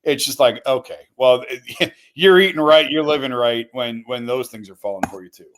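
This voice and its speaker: A man's voice: mid-range voice, fairly quick, a little hiss or hum. A man who writes about sports, talking in an easygoing way as a guest on a talk show. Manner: easygoing, hedging with fillers.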